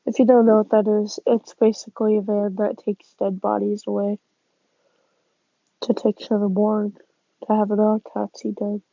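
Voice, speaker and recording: A woman casually narrating a fan story, halting, with sighs and restarts. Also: medium pitch, completely flat delivery, gravelly, mellow, no echo. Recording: dull lo-fi sound.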